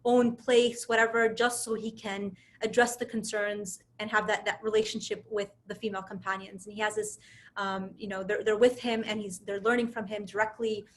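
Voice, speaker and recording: A woman's voice: medium pitch, normal speed. A woman giving a casual religious talk over a video call. She tells stories animatedly, often restarting phrases and asking "right?". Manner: animated storytelling, frequent restarts and tag questions. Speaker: speaker giving a religious reminder.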